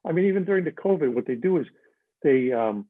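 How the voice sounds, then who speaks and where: An older man telling stories as a guest, lively and animated, switching into other voices for quotes. His voice is a little husky and comes through a dry, tinny phone-like line. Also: on the high side, quick pace, dry recording. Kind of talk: casual storytelling chat.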